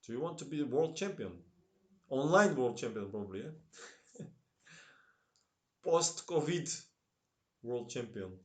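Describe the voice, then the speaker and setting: A man's voice: medium pitch, moderate pace. Guy w russian-ish accent streaming chess, laughs a lot, chats w viewers, kinda echoey room. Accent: Russian-tinged English. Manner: relaxed, laughs often, broken English. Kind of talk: live-stream chess commentary, chatting with viewers. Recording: roomy echo.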